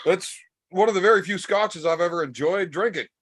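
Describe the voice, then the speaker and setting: A man's voice: high voice, a little fast, a bit bright. A man hosting a podcast in casual chat, teasing his guest with crude, profane banter. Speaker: podcast host.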